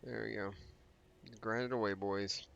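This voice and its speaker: A man's voice: on the low side, fairly even intonation, unhurried, vocal fry, fairly bright tone, highs cut off, soft background music. A man hosting a let's play, giving casual gameplay commentary and thinking aloud as he rambles through his plans with restarts and asides.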